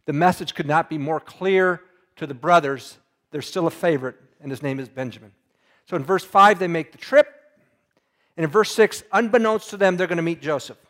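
A man's voice: fairly high pitch, moderate pace, a bit bright. A man preaching a Bible lesson in a casual, conversational way, retelling scripture in everyday words and asking his listeners questions.

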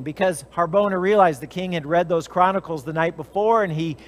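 A man with a notably high voice preaches in a relaxed, conversational way. He retells scripture with animation, slipping briefly into the characters' voices as he goes. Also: brisk. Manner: animated storytelling, briefly acting out characters' lines. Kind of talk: conversational Bible teaching.

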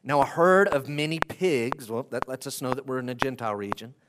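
A man preaching an expository sermon as a pastor, reading scripture with animated emphasis. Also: mid-range voice, brisk. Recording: echoey hall with clear background noise.

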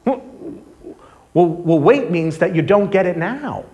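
A man's voice: high voice, animated, a little slow, dark tone. A man preaching a sermon in a conversational, direct way.

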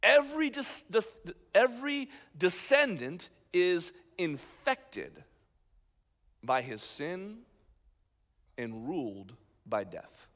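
A man, a pastor, preaching a sermon with animated emphasis, swinging between loud points and quiet asides. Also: high voice, slow. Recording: long hall reverb.

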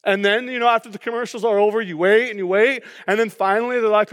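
A man preaching a sermon as pastor, who acts out excited reactions and keeps checking in with "right?" and "okay?". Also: sits high, fast talker, hardly any pauses. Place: church hall. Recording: long church hall reverb.

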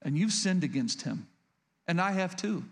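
A man's voice: high-pitched, animated, moderate pace. A man preaching a sermon as pastor, speaking earnestly and confessionally, often restarting and asking the congregation questions.

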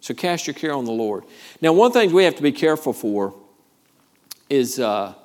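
A man's voice: mid-range voice, big pitch swings, normal speed, a little mellow. A man from Georgia, preaching a sermon as pastor, stressing points by repeating phrases and calling out "Amen?" to the congregation. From Georgia, USA.

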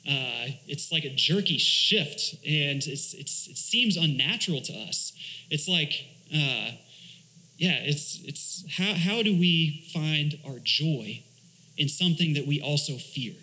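Bright-voiced man giving a casual sermon. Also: a little high, takes it slowly, low-quality recording. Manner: relaxed, informal, with frequent fillers and restarts. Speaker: church elder preaching.

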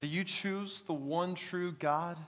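A young man with a high, fairly bright voice speaks slowly and with fairly even intonation. He's a student pastor delivering a sermon in an earnest, storytelling style, sharing an anecdote about a child, in a reverberant hall.

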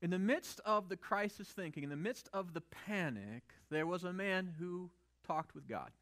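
A man's voice: high voice, animated, normal speed, a bit bright. A male pastor preaching a sermon in a conversational way, often asking the audience rhetorical questions.

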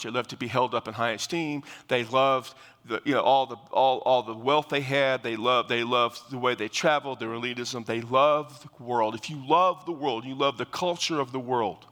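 A man's voice: medium pitch, a bit bright. An older man preaching a sermon, explaining scripture in a conversational way, often restarting phrases and using fillers. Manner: conversational Bible teaching with frequent restarts and fillers. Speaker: pastor. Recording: long hall reverb.

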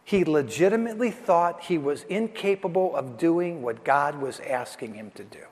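A male pastor with a fairly high voice preaches a sermon, retelling scripture in a conversational, emphatic way. His voice rings with a long reverb in a church sanctuary. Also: lively intonation, normal speed, hardly any pauses.

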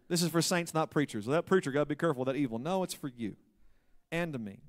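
A pastor preaching a sermon, swinging between loud emphasis and hushed asides. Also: male voice, on the high side, expressive, brisk.

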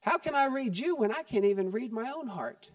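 Middle-aged guy preaching, pretty high voice, chatty and jokey then earnest, dry sound from a mic kinda far off. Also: animated, fairly quick, no echo. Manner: conversational and joking, then quiet and earnest. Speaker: pastor. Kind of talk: sermon.

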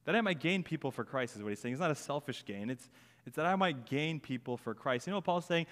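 A young man preaching to his church in an earnest, conversational way, often doubling words as he builds toward a point. His voice sits fairly high for a man. The sound rings out with a long reverb, as in a large sanctuary. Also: big pitch swings, fast talker, fairly bright tone. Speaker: pastor. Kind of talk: sermon.

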